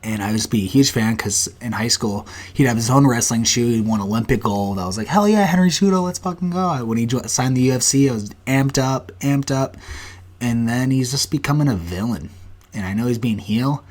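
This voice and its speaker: A man in his twenties hosting a solo podcast, talking bluntly and profanely with animated asides. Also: medium pitch, fairly quick. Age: 20s. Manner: blunt, profane and animated, breaks into mock voices. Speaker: podcast host. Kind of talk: casual solo podcast rant.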